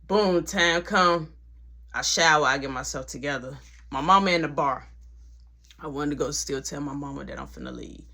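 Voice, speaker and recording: A young woman telling a casual storytime, animated and slangy, acting out the dialogue. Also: sits low, normal speed.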